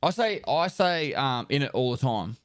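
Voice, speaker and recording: A man streaming live, casually chatting and rattling off viewer names and thanks in quick bursts, loose and joking with the odd swear, into a close desk microphone. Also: medium pitch, big pitch swings, dry recording. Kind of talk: casual live-stream chat, reading out subscriber thank-yous.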